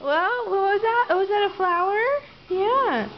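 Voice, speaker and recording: A woman's voice: extremely high pitch, lively intonation, a little slow, lo-fi sound, slight background noise. A young mother at home, talking sing-song baby talk and coaxing her toddler, laughing often. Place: family home.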